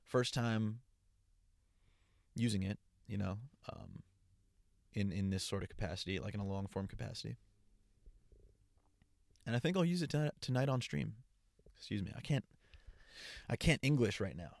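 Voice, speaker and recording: A man's voice: lowish voice, moderate pace, vocal fry, pauses often, a little mellow, dry recording, studio quality. A young man hosting his own podcast alone, rambling casually in a stream of consciousness into a portable travel mic. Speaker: podcast host. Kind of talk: casual solo podcast monologue.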